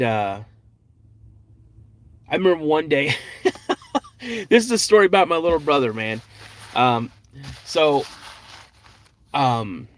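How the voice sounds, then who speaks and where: A middle-aged man chatting casually as host of a podcast, at a middle pitch. He rambles through stories with repeated words and "um"s. His tone is plain and conversational. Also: no echo. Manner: rambling, with frequent restarts and filler words. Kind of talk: casual live chat and personal storytelling.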